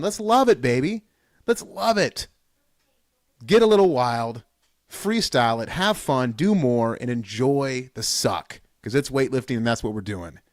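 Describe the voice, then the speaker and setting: A man's voice: mid-range voice, no echo. Fired-up man giving a dry pep talk. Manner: fired-up, repetitive exhortations with loud bursts. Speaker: podcast host. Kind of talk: solo podcast pep talk.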